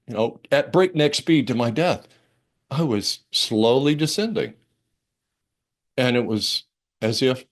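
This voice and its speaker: An older man, a minister, telling a personal story during a church sermon, expressive and conversational, dropping to a hush and rising with excitement. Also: mid-range voice, takes it slowly, pauses often. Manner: expressive, dramatic storytelling with big swings between hushed and excited; conversational, with fillers and restarts. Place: church service.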